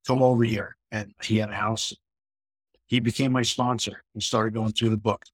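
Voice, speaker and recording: Husky middle-aged man telling his story. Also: fairly low pitch, level tone, normal speed, no echo, low-quality recording. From New York, USA. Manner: conversational, frequent restarts and "you know" fillers. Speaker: podcast guest. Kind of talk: casual personal storytelling.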